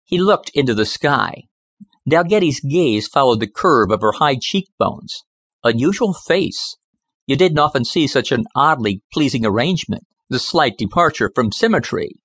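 A man narrating an audiobook in a measured, expressive storytelling style on a close studio mic. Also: mid-range voice, breathy edge, no room sound. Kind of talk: scripted narration.

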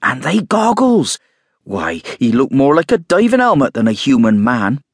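Fussy village landlady, bustling and flustered, lively high voice, a man acting her out. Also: normal speed, slightly rough, no room sound, studio quality, heavily acted. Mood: fussing. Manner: fussy, flustered, rustic country speech.

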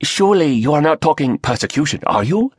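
A man's voice: fairly high pitch, very animated, brisk, slightly rough, no room sound, clean studio sound, voice pushed up. A man voicing a male council member with a Chinese accent, protesting in an agitated way. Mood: alarmed.

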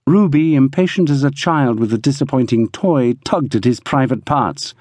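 A man narrating a novel in a measured, descriptive reading, recorded close in a studio. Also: medium pitch, a little mellow, no room sound. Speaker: audiobook narrator. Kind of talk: scripted narration. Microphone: close studio mic.

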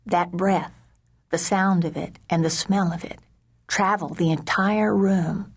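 A woman narrating a children's audiobook in a slow, measured storytelling manner, sometimes dropping to a hush. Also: lowish voice, steady tone, breathy edge. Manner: slow, measured storytelling with soft hushed passages.

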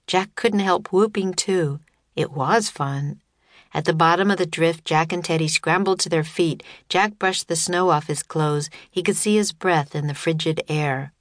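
A woman reading her own children's book as an audiobook, with measured storytelling on a close studio mic. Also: low-pitched, no room sound. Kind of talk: scripted narration of a children's audiobook.

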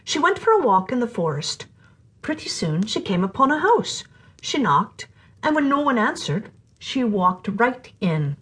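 A woman narrating a children's storybook in an animated, playful way, sometimes dropping to a whisper for suspense. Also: fairly high pitch, measured pace, breathy edge. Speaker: storyteller host.

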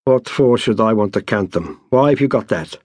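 A man's voice: fairly low pitch, animated, normal speed, a little mellow, no room sound, studio quality. A man voicing a scheming older male landlord who haggles with wry, wheedling talk. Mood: sly.

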